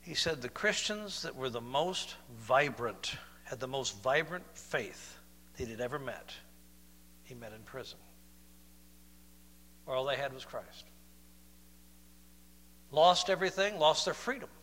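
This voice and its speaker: A man preaching a sermon, moving between loud, emphatic declarations and soft, slow, questioning passages. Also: mid-range voice, lively intonation, long reverb tail.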